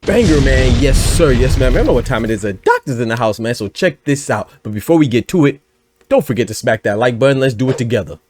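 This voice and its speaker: A man hosting a boxing news channel in energetic, chatty commentary, full of asides and bursts of laughter. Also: mid-range voice, fast talker, background noise. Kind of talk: casual commentary.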